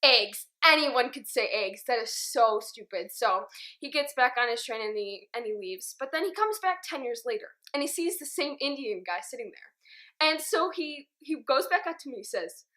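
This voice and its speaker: High bright woman telling a joke. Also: very animated, moderate pace.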